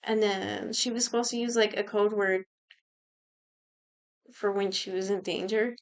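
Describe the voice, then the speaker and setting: A young woman co-hosting a podcast, casually retelling a TV plot in an animated, profane way. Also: mid-range voice, measured pace. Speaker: podcast co-host recapping a show. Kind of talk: casual chat.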